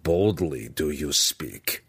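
Man voicing a gruff deep gnome chief, very deep, husky, slow and grave. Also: big pitch swings, no echo, exaggerated voice. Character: gruff male deep gnome mining leader.

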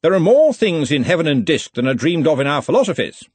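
A man voicing a bluff, loud, jovial old male wizard who gives commands. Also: fairly high pitch, big pitch swings, fast talker, breathy edge, dry recording, voice pushed up.

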